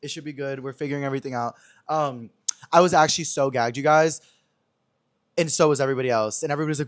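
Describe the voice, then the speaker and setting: A man's voice: medium pitch, fast talker. Chatty young man telling a story. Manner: chatty, animated retelling with acted-out quotes. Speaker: podcast host. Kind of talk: casual storytelling chat. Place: small room, indoors.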